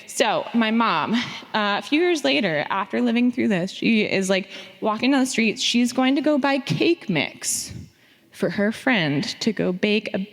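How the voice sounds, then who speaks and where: A young woman from Phoenix tells a family story on a theater stage, animated and profane, acting out the lines she quotes. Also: on the high side, a little slow. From Phoenix, Arizona. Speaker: audience member sharing a story on stage. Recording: long theater reverb.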